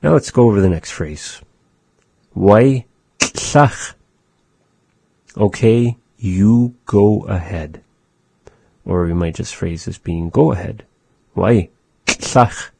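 A man giving a casual language lesson, explaining thoughtfully and softly repeating phrases. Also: low voice, a little slow, vocal fry, breathy edge, no echo. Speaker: language teacher.

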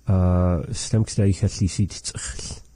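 A man's voice: low-pitched, steady tone, warm tone, no echo. A man teaching phrases of a language in a patient, repetitive lesson. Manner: slow, patient, repeats phrases for practice.

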